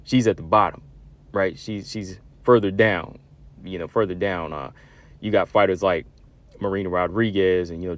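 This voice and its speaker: A man hosting a solo fight-talk show, casual and conversational, full of asides and fillers. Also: low voice. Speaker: MMA commentary host.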